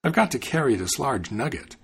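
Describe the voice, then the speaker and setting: A man's voice: mid-range voice, big pitch swings, brisk, creaky, husky, exaggerated voice. A man reading the part of a naive, cheerful young traveler in a storybook tale, speaking eagerly.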